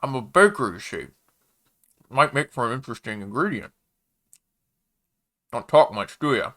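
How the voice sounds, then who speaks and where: A man's voice: mid-range voice, very animated, normal speed, bright, forceful tone. A man voicing a chatty, easygoing male alien baker in a sci-fi story, with a laid-back, folksy manner. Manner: laid-back, folksy, calls the listener kid.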